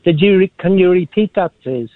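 A man phones in to a radio show over a thin, tinny line with no room sound. He speaks haltingly, giggling nervously between blunt jabs. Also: high-pitched, no room sound. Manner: hesitant, giggly, blunt criticism. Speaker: caller. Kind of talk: phone-in call. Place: in bed.

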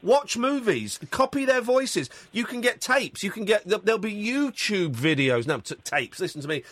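A man's voice: high voice, sing-song, normal speed, a bit bright, no room sound. A man hosting a phone-in radio show, talking emphatically and repeating his points as he urges a caller on. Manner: emphatic, repetitive, urging. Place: radio studio. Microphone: studio mic.

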